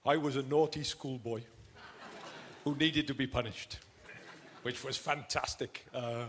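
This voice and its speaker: A man's voice: medium pitch, fairly even intonation, unhurried, fairly bright tone, in a large hall, a little hiss or hum. A male comedian and ventriloquist telling anecdotes in a chatty stand-up style on a large theatre stage, recorded live.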